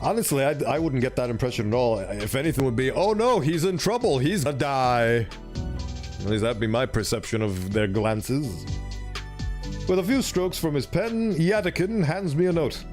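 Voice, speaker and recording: A man's voice: mid-range voice, moderate pace, darkish tone, faint music behind. A man streaming a game, reading the story aloud and chatting playfully between lines. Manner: playful, chatty, self-interrupting. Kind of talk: let's play with reading aloud.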